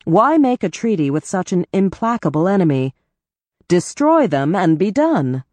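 A woman reading a novel aloud in the first person, in a measured, even way. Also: lowish voice, no echo. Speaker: audiobook narrator. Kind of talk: scripted first-person narration.

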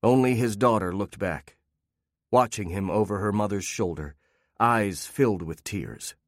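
A man narrating a fiction story in a measured, steady reading on a close mic. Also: fairly low pitch, no echo.

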